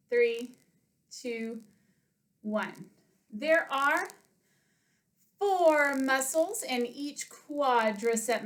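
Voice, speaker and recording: A high-pitched woman coaches children through a home workout, counting out loud and explaining each move simply. She sounds a little winded. The webcam picks her up from across an echoey room. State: a little out of breath. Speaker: elementary school PE coach. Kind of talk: home workout lesson for kids. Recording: roomy webcam sound from a distance.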